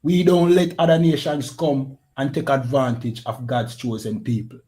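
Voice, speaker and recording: A man's voice: medium pitch, fairly even intonation, moderate pace, mellow. A man hosting a radio show, giving emphatic, preaching commentary on a clip and often checking that listeners follow. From Jamaica. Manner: emphatic, keeps asking "you understand?".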